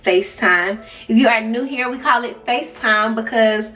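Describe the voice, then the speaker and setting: A woman's voice: a little high, normal speed, bright, forceful tone. A young woman vlogger telling a casual story, chatty and speaking straight to her viewers with side remarks. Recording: distant mic with faint music.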